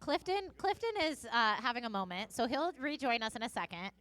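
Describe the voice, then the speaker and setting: A woman commentating live on a roller derby game, chatty and quick to correct herself. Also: a little high, sing-song, a bit bright, no room sound.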